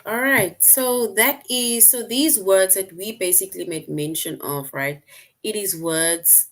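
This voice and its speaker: A woman's voice: mid-range voice, measured pace, a bit bright. A woman teacher explaining a lesson patiently to her class online, often checking in with "right?".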